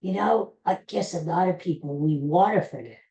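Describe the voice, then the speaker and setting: A man's voice: high-pitched, moderate pace, creaky, warm tone, highs cut off. Man, middle-aged, podcast host, self-deprecating rambling story, echoey room sound. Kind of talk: casual storytelling monologue. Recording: roomy echo.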